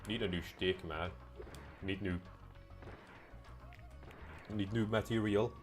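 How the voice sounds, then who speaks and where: A man's voice: lowish voice, steady tone, takes it slowly, soft background music. A man giving casual let's-play commentary, joking sarcastically and swearing freely. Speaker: gameplay commentator.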